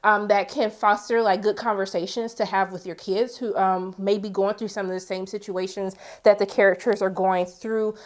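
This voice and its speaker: A young woman reviewing a TV series in a casual, chatty way, with expressive, animated asides. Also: mid-range voice, normal speed, hardly any pauses.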